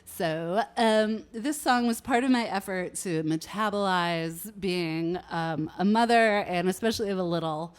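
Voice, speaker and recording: A woman's voice: lowish voice, unhurried, hardly any pauses, smooth. A woman singer-songwriter chatting casually between songs on a livestream, laughing often. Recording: guitar music behind the voice.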